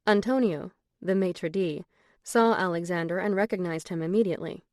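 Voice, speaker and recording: A woman narrating an audiobook in a composed, even storytelling manner on a close studio mic. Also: lowish voice, normal speed, no room sound. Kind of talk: scripted narration.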